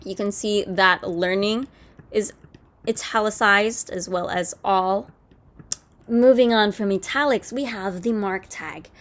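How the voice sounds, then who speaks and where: A woman's voice: mid-range voice, slow pace. A woman hosting a coding tutorial, explaining each step in a casual way with fillers and self-corrections. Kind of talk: screen-recorded coding lesson.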